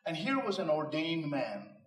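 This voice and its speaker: A man's voice: fairly high pitch, very animated, a little slow. Man, inspirational speech, rhetorical, punchline humor, echoey room, distant mic. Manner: emphatic, rhetorical, with punchline jokes. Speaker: motivational speaker. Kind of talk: inspirational speech to a live audience. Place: live venue before an audience.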